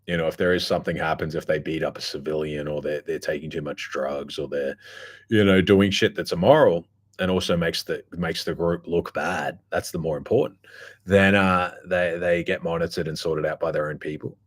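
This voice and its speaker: A man's voice: low-pitched, fairly even intonation, moderate pace. A man talking in a casual, rambling monologue, blunt and profane, full of fillers and restarts. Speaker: podcast host.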